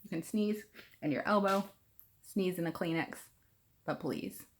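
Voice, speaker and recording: A woman reading a picture book aloud for preschoolers in an expressive, sing-song way. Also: on the low side, measured pace, slight background noise. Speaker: preschool storytime reader.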